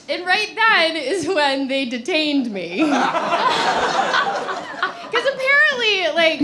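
A high-voiced woman tells a comic story to a live audience, bubbly and breathless. She keeps laughing between lines and acts out her own past thoughts. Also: bright, forceful tone, a little hiss or hum. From Los Angeles. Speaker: comedic storyteller.

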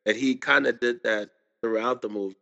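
A man's voice: medium pitch, fairly even intonation, a little fast, gravelly, bright, forceful tone, lo-fi sound. A man co-hosting a casual podcast, hesitant and searching for his words. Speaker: podcast co-host. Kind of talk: casual chat.

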